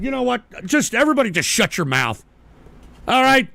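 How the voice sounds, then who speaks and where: High, gravelly man ranting on air. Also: very animated, moderate pace, no echo. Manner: profane, ranting at chat trolls, swings from shouting to muttering. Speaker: talk show host. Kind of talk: live-streamed political talk show.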